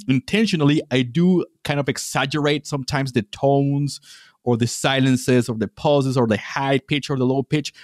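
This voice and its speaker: A man's voice: mid-range voice, no room sound, clean studio sound. A man hosting a podcast interview, talking casually and thinking aloud, often restarting his sentences. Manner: hesitant, many fillers and restarts. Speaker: podcast host.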